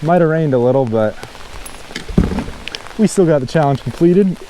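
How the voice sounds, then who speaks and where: A man hosting a fishing vlog, chatting casually outdoors by a mountain pond and getting excited over each catch. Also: a little high, normal speed, noisy background. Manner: chatty, excited when hooking fish. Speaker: fishing channel host.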